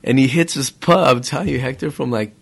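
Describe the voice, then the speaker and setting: A man's voice: medium pitch, brisk, gravelly, slightly rough. A man in laid-back casual chat, swearing freely and calling others bro and dude.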